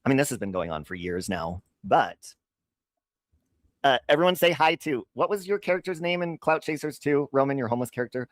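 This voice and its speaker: Animated, profane male livestream host. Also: mid-range voice, brisk, dry recording, clean studio sound. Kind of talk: casual livestream chat.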